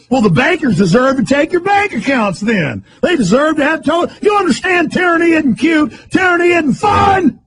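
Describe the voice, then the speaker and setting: A man hosting a radio show, delivering a fiery ranting monologue with shouting and growling outbursts. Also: very high-pitched, animated, normal speed, few pauses, a little hiss or hum. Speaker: radio host.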